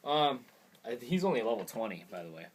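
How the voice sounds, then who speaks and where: A man's voice: mid-range voice, sing-song, a little fast, noisy background. A young man hosting a casual gaming vlog, rambling and easily distracted, often laughing at himself. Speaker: gaming video host.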